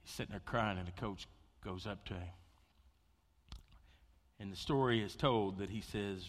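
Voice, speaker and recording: A man preaching a sermon, telling stories with big swings between loud excitement and hushed intensity. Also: lowish voice, moderate pace, pauses often. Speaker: pastor. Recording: long hall reverb.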